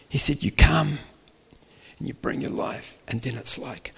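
A man's voice: mid-range voice, measured pace, creaky, breathy edge, in a large hall. A man preaching a sermon, telling a story and acting out the dialogue, building to emphatic peaks.

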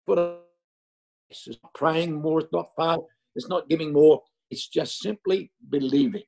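A man's voice: fairly high pitch, fairly even intonation, a little slow, vocal fry, darkish tone, poor audio. An older man preaching a sermon, telling stories and repeating phrases for emphasis. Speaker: pastor.

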